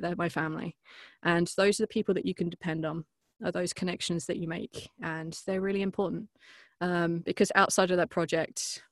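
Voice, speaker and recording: A woman's voice: lowish voice, no echo. Female guest from the UK, chatty and self-deprecating, recorded dry and close. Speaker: podcast guest. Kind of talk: casual interview chat.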